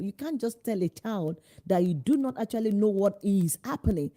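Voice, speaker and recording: A woman's voice: medium pitch, fairly quick, mellow. A woman parenting coach giving emphatic, direct advice with rhetorical questions. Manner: acts out parents' and children's lines in changed voices. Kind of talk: instructional talk to parents.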